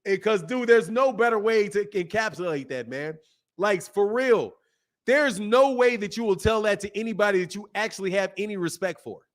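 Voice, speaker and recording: A man hosting a boxing channel, talking casually to his camera in animated, slangy commentary with frequent laughter. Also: high-pitched, normal speed. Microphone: camera mic.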